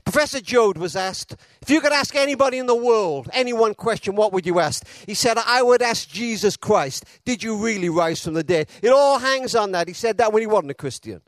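Expressive and notably high-voiced, a preacher delivers his sermon, telling a story with dramatic pauses and quotes full of feeling. The recording is dry, with no echo from the room.

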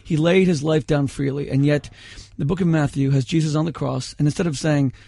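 A man's voice: on the high side, steady tone, brisk, vocal fry, mellow, no room sound, studio quality. A man arguing his case in a heated debate, impassioned and rhetorical, often cutting in.

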